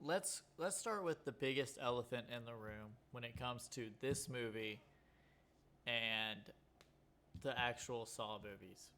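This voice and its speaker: Slow-talking man making a blunt point. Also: mid-range voice, bright, forceful tone. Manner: blunt, insistent, sticks to his point. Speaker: podcast co-host. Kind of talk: casual movie review chat.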